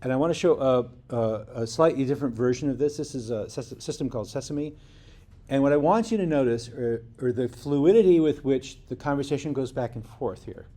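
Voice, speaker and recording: Speaking fairly quickly with lively intonation, this man has a mid-range voice with a dark tone. He's lecturing at a university in a lecture hall, chatting with the class, restarting his sentences and checking in with a rhetorical "right?"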